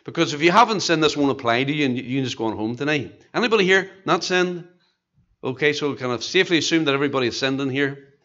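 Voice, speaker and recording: A man with a Tennessee Southern accent preaches a sermon in a church sanctuary, his voice fairly high and bright. He leans on slow, stressed phrases and asks his congregation rhetorical questions. The recording is a bit muffled. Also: animated. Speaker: pastor.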